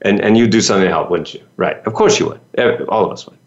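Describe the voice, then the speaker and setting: A man's voice: deep voice, fast, muffled recording. A male business coach giving a motivational talk to his listeners, full of rhetorical questions and folksy asides.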